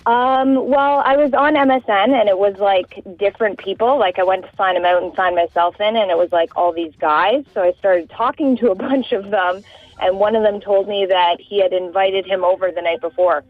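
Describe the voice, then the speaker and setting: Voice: mid-range voice, moderate pace, no echo, faint music behind. Caller on a tinny, dry phone line. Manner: hesitant, chatty. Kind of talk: telling a story on the phone.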